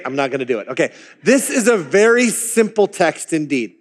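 A man's voice: a little high, sing-song, normal speed, big-room sound. A man preaching a sermon as pastor, in a conversational way, with chuckling asides.

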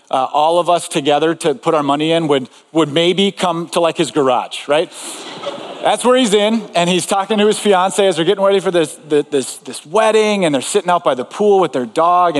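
Male pastor, slightly higher voice, chatty sermon delivery full of asides, long hall reverb. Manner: conversational, with frequent asides and filler words. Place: large room before an audience.

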